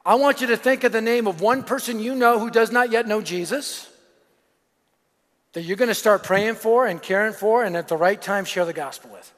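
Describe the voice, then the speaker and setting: A long hall reverb surrounds the voice of a middle-aged pastor whose pitch is unusually high for a man. His sermon is energetic storytelling that moves from shouts down to near-whispered asides.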